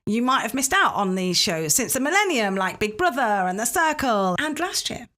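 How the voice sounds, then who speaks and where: Bright, lively woman co-host. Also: a little high, moderate pace. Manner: playful, giggly, animated. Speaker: podcast co-host. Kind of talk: casual podcast chat.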